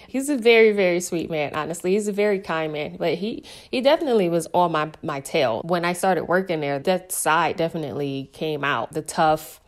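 Chatty, candid woman with a lowish voice. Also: animated, a little fast, few pauses. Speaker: sommelier guest. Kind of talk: casual interview storytelling.

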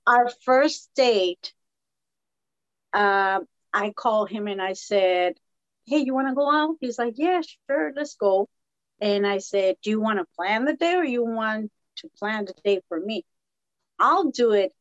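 A woman tells her story with lively, acted-out dialogue. Her voice sits a little high. The sound is muffled and dry, with no room echo. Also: a little slow. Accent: Latina American English. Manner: animated, acts out quoted dialogue. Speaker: podcast guest. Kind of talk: casual storytelling chat.

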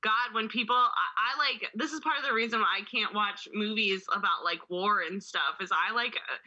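Husky bright-toned chatty woman. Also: medium pitch, normal speed, highs cut off. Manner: chatty, laughs often, calls listeners baby. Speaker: podcast co-host. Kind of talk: casual chat and reading aloud.

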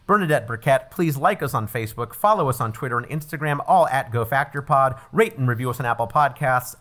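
Man, quiz podcast host, bright tone, breezy jokes, faint music behind. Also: mid-range voice. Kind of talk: upbeat podcast hosting.

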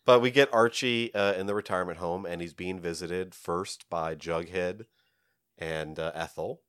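A man co-hosting a casual podcast chat, animated and giggly, filling gaps with ums. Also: low-pitched, normal speed, clear, resonant tone, no echo, studio quality. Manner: animated, giggly, trails off with filler words. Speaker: podcast co-host. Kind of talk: casual chat about comics.

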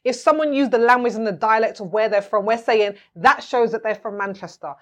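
A woman with a fairly high voice, talking through a point in a relaxed group discussion. She is emphatic and lively, and her pitch jumps up whenever she stresses something. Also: brisk. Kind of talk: casual discussion.

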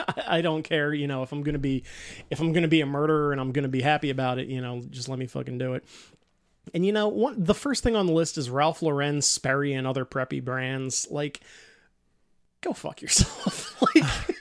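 Sarcastic profane man, slightly high. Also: brisk, no room sound, clean studio sound. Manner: sarcastic, profane, laughing often. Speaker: podcast co-host. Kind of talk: casual chat.

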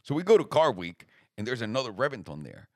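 A man's voice: medium pitch, quick pace, dry recording. Young guy telling a wild story, swearing a lot, doing the other people's voices, dry mic sound. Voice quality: animated storyteller, swears freely, acts out quoted voices. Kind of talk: casual chat.

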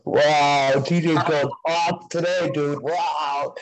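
A man's voice: a little high, fairly even intonation, slow pace, rough recording. A man hosting a podcast, laid-back and amused, mostly agreeing with his co-host. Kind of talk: casual chat.

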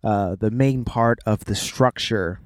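A man's voice: lowish voice, takes it slowly, no echo, studio quality. A man in his thirties, chatting casually with his wife while driving, with playful jokes and asides. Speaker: vlogger, father. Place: car.

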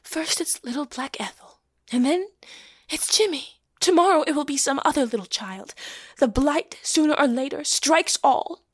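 A woman's voice: high voice, animated, normal speed, no echo, clean studio sound. A woman voicing a tender young woman who cares for a small boy, emotional and at times whispering, in an audio play reading. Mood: grieving.

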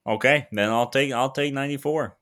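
A man playing a smug, shady dealer in an improv comedy podcast, haggling smoothly. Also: mid-range voice, fairly quick, a bit bright, natural voice.

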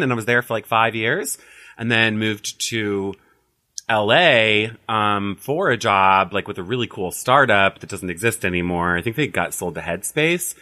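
A man's voice: lowish voice, pushed and bright. A man telling his life story in a casual interview, chatty and full of "like" fillers. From United States. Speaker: astrologer, podcast guest.

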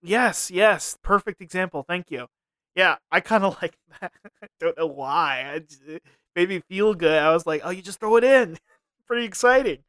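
Jokey man with a smooth, dry voice. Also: sits high, animated, pushed and bright, no room sound. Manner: jokey, laughs often, quick asides. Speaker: podcast co-host. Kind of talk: casual podcast banter.

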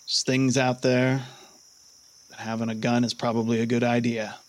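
A gaunt old caretaker with a thick French Canadian accent, spare with words and a little ominous, as a game master puts him on. His speech is measured and quiet, the voice of a man in his later years who keeps to himself. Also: medium pitch, flat delivery, lightly acted. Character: tall gaunt old male caretaker, taciturn.

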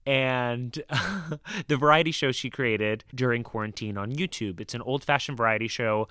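A man's voice: medium pitch, normal speed, sharp tone, no room sound. A man hosting a talk show, teasing in casual chat and laughing easily. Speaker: podcast host. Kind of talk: casual chat and scripted intro.

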